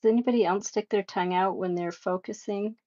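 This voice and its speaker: A middle-aged woman hosts a live painting stream, chatting casually with viewers, reading their messages aloud, and laughing often in a warm, emotional way. Her voice is medium-pitched and steady, and she talks at a quick pace. The recording sounds muffled.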